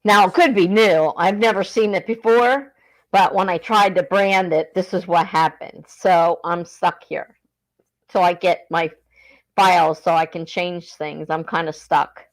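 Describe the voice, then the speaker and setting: A woman with a lowish voice and steady tone speaks a little slowly. Hosting a casual livestream, this southern New Jersey native with a South Jersey accent reads viewer comments aloud, chats and laughs frequently.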